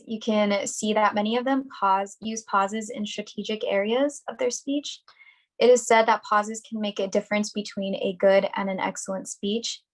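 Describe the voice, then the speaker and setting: A young woman on a video call reading a prepared workshop presentation in a clear, deliberate, instructional way. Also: mid-range voice, low-quality recording.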